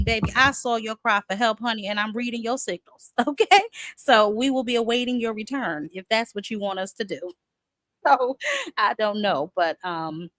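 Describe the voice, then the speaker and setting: Sassy and chatty, a woman with a lowish voice hosts a boxing talk show as a casual live-stream chat, calling viewers "honey" and "child" and greeting them by name. The audio is poor, with no echo.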